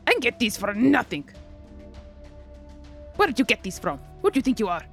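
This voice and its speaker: A woman's voice: on the low side, normal speed, soft background music, natural voice. A woman voicing a pompous, stiffly formal noble man in a tabletop game. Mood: haughty. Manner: stiff, haughty, overly formal.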